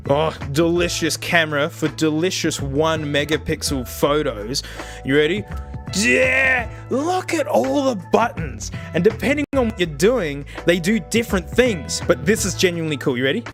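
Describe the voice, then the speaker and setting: A young Australian man giving excitable, jokey commentary while showing old gadgets. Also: a little high, moderate pace, soft background music. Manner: excitable, jokey, bursts into laughter. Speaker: tech reviewer. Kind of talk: casual video commentary.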